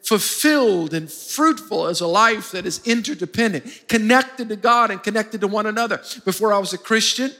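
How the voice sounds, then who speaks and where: A male preacher from the U.S. speaks emphatically and cues his congregation to respond. His voice sits high and sounds bright and forceful, moving at normal speed with few pauses, trailed by long reverb.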